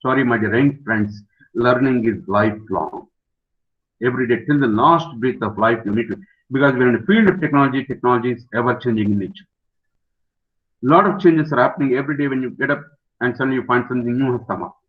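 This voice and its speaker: An older male professor talks fast in a mid-range voice while giving a webinar lecture to students. He's emphatic, repeating key words and putting questions to his audience, and the audio is dull and lo-fi.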